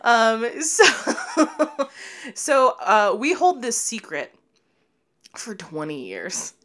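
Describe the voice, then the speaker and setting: A woman's voice: fairly high pitch, very slow. A young woman in casual podcast chat, telling a family story with lots of laughter and acted-out voices of relatives. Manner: animated, laughing often, acts out quoted family voices.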